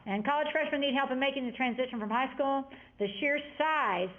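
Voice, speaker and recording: A woman teacher works through a grammar lesson, chatty and full of wandering asides. Her voice sits a little high. The sound is thin and tinny, like a phone line. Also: fairly quick, a little hiss or hum. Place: classroom. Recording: tinny lo-fi classroom audio.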